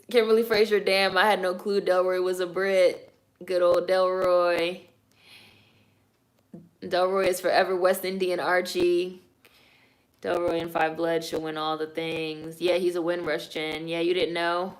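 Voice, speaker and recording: A woman with a fairly low, slightly bright voice reads viewer comments out loud on a live stream. She talks loosely and bluntly, airing opinions, swearing plenty, and using fillers like "like" and "y'all."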